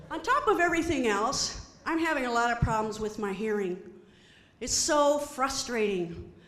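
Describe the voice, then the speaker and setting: A middle-aged woman performing a stand-up comedy set, animated and acting out quoted voices. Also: on the high side, normal speed, echoey room, slight background noise. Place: comedy stage before an audience.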